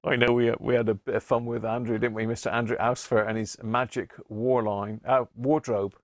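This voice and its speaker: Brisk and level in tone, his mid-range voice comes through clean studio sound with no echo. As host of a radio-hobby live stream, he rambles chattily through viewer questions, restarting frequently as he reads the chat out loud.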